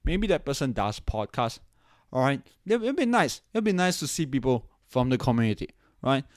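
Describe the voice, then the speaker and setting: A young man from Singapore hosting a podcast on his own, thinking aloud in loose, rambling sentences and tagging "right?" onto his points. His voice sits at an ordinary pitch, and the recording is dry and close, with no room sound. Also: lively intonation, normal speed, darkish tone, dry recording. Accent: non-standard, hard to place; he says it doesn't sound Singaporean. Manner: rambling, many restarts and "right?" tags. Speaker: podcast host. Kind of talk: casual solo podcast intro.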